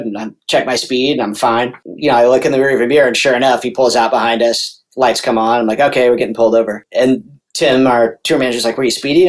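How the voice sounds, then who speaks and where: A man in a casual chat, telling a story from touring with his band, acting out the people he quotes and often restarting his sentences. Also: medium pitch. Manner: animated storyteller, acts out quoted voices, frequent restarts.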